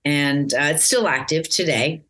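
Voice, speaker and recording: Low-voiced woman telling career stories. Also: measured pace, breathy edge. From United States. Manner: rambling, warm storytelling with many fillers and restarts. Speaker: actress guest. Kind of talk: casual interview chat.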